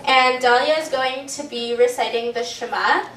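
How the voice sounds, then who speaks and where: A woman's voice: high voice, fairly even intonation, moderate pace, a bit bright. A woman hosting an event, announcing the next speakers and explaining each part, recorded in a hotel function room. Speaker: event host. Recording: echoey hall from far off.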